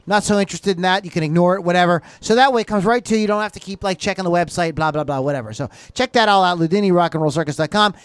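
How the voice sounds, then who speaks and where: High-voiced man hosting a rock podcast. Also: racing, few pauses, smooth, dry recording. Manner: loose, rambling, jokey. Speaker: podcast host. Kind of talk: casual chat.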